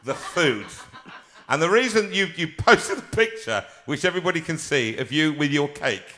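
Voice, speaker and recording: A middle-aged man hosts a live-streamed chat. His voice is bright and forceful, and he teases his guest playfully and talks with lots of animation. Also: on the high side, normal speed. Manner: jovial, teasing, animated. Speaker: host.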